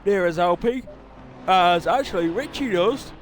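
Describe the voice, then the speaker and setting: High-voiced casual male race commentator. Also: expressive, unhurried, slight background noise. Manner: casual, self-deprecating, with restarts and exclamations. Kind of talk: sim racing commentary.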